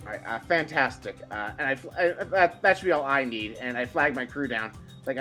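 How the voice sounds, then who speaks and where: A man's voice: mid-range voice, fairly quick, sharp tone, soft background music. A man playing a tabletop game, speaking politely and partly in character. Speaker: player.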